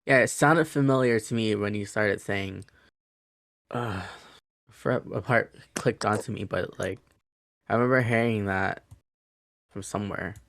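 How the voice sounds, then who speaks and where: A man's voice: on the low side, a little slow, vocal fry, pauses often, fairly bright tone, no room sound. A man co-hosts a podcast, working through a case in casual, hesitant talk full of fillers and restarts. The sound is dry and close, with no room around him. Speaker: podcast co-host. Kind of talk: casual chat, telling a case.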